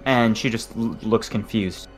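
A man's voice: fairly low pitch, a little slow, soft background music. A man narrating as game master for a tabletop game, hesitant and full of ums as he describes each scene.

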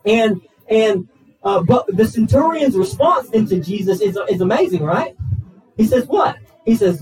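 A man's voice: sits high, expressive, normal speed, darkish tone, recorded from a distance, faint music behind, poor audio. A man, a pastor preaching a sermon in a church, talking earnestly and often restarting and repeating words. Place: church sanctuary.

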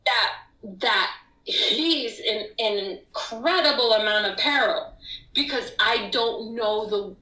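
Woman telling a story all fired up, bright voice, echoey room, kinda far from the mic. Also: slow. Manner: animated, acts out quotes with sharp high-pitched outbursts. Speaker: guest. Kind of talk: casual storytelling.

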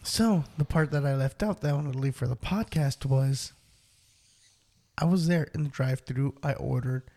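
A man's voice: medium pitch, normal speed, dark tone. A man co-hosting a podcast, telling a profane story in casual chat and acting out his own lines. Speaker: podcast co-host.

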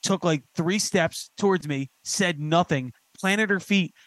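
Joking, swearing Philly podcast host. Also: male voice, sits high, a bit bright, dry recording. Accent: Philadelphia. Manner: swearing, joking, quick laughs. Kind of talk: casual podcast chat.

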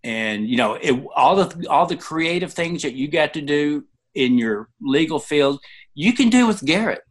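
A man's voice: fairly high pitch, expressive, normal speed. A man around sixty, an interview guest, telling personal stories conversationally and acting out quoted people with sudden jumps in his voice.

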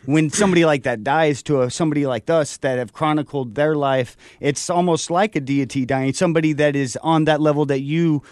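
A man's voice: on the high side, steady tone, a little fast, hardly any pauses, a little mellow, no echo, studio quality. A man in his thirties co-hosting a sports talk show, speaking in long, rambling sentences. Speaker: co-host.

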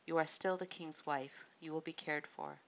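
A woman narrator voicing a proud adult male king who speaks firmly and in measured tones. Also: deep voice, steady tone, creaky. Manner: firm, measured. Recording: dull lo-fi audiobook recording.

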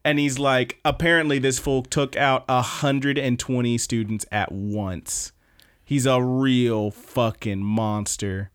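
Smooth-voiced man rambling through an anime recap. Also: mid-range voice, fairly even intonation, slow pace. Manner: rambling, joking, lots of fillers and swearing. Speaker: podcast co-host. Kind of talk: casual chat recapping anime episodes.

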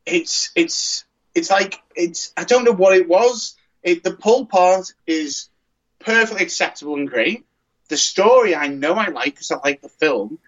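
A man talks in a loose, rambling way, often circling back and restarting his sentences. His voice sits a little high. The recording sounds dull and lo-fi. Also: expressive, unhurried, fairly bright tone. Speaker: podcast co-host. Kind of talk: casual chat.

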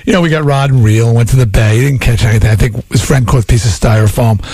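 A middle-aged Long Island radio host tells stories in a rambling way, full of restarts, during a casual talk radio chat. He's a fast talker with a medium pitch and a slightly rough, a little mellow voice, recorded at studio quality with no echo.

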